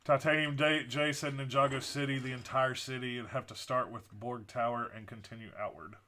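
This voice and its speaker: A man's voice: mid-range voice, steady tone, fairly quick, pushed and bright, slight background noise. A man co-hosting a casual building live stream, easygoing, reading chat comments with rambling asides.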